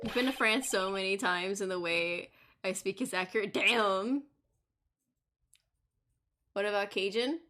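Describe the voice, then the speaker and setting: A woman's voice: mid-range voice, animated, a little slow, pauses often, a bit bright. A woman streaming a game, chatting casually and joking in a playfully boastful way. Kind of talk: casual let's-play commentary.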